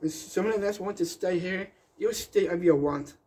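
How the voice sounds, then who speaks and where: A man's voice: high-pitched, moderate pace, darkish tone, slightly rough. A man delivering a rambling, defiant rant in a slightly raised voice. He hammers his points and circles back to them with insistent emphasis.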